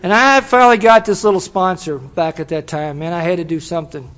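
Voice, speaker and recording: Speaking a little fast, the older man tells the recovery meeting his personal story in a homespun, storytelling manner, now and then breaking into laughter. His voice is high and a bit bright, and the dull lo-fi recording carries slight background noise.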